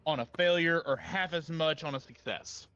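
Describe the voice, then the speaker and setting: Male player, slightly high voice, muffled dry lo-fi recording, talks through his math. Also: normal speed, sharp tone, smooth, no echo. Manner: thinks aloud over rules and dice math. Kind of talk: tabletop game play.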